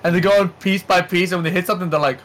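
A man co-hosting a casual gaming podcast, chatty and quick to laugh. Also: high voice, steady tone, a bit bright. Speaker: podcast co-host.

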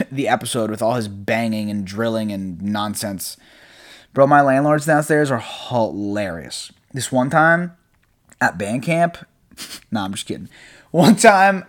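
A man's voice: medium pitch, a bit bright. A young man hosting a casual solo podcast from his apartment, rambling in a loose, laid-back way, swearing freely and laughing often. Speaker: podcast host. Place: apartment room at home.

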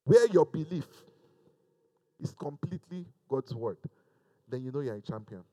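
A man preaching a sermon to a camera, swinging from loud fervent exhortation to quiet, intimate asides. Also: mid-range voice, animated, normal speed. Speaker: pastor. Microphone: speaking to a camera.

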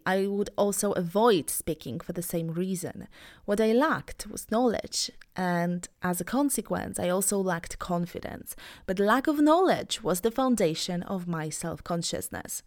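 Upbeat Polish woman teaching pronunciation. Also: mid-range voice. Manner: upbeat, clear, deliberate modelling of sounds. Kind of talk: podcast lesson.

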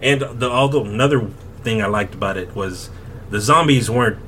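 A man hosting a podcast, telling a story in a rambling, halting way with frequent laughs. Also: mid-range voice, a bit bright, slight background noise. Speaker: podcast host. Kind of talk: casual chat.

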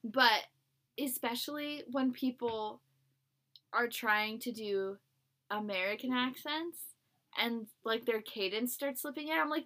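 A young woman co-hosting a podcast in casual chat, chatty and giggly, with quick asides. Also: fairly high pitch, fairly bright tone. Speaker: podcast co-host.

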